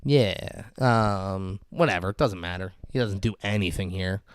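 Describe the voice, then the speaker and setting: A man co-hosting a podcast, casually recapping a TV episode with animated, profane retellings and frequent laughs. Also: low voice, unhurried, smooth, no echo, studio quality. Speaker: podcast co-host.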